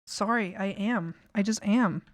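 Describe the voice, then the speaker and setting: A woman's voice: medium pitch, measured pace, dry recording. A Canadian woman streamer chatting casually while she draws, laughing often and swearing casually, with some playful scolding.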